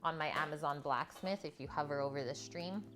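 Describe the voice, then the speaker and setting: Speaking briskly in a low voice, with music in the background, a woman demonstrates cooking on a live stream from her home kitchen. Between steps she reads out viewers' comments and replies to them.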